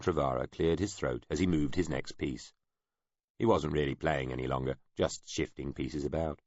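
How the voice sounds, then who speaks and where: A man narrating an audiobook in a measured storytelling way. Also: extremely low pitch, no echo, muffled recording. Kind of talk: scripted narration.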